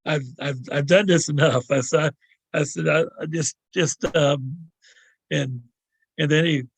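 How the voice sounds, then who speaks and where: A man's voice: fairly high pitch, steady tone, unhurried, vocal fry, husky, dry recording. An older man, a podcast guest, telling a long story in a rambling way, repeating words and acting out the people he quotes. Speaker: guest sharing encounter stories. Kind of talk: casual storytelling.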